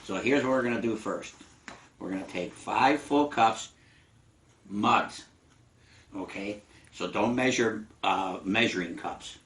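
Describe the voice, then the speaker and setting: A man's voice: on the low side, slow, pauses often, fairly bright tone, slight background noise. An older man giving a casual home cooking lesson to a child, patient and encouraging, explaining each step. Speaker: home cook teaching a grandchild. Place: home kitchen.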